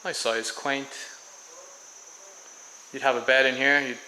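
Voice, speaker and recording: A man's voice: mid-range voice, little pitch movement, takes it slowly, sharp tone, a little hiss or hum, poor audio. An Irish man casually showing viewers around a house for sale, rambling a bit with ums and restarts as he walks from room to room. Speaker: vlogger giving a property tour. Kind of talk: casual walking house tour. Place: in and around a house on a tropical island.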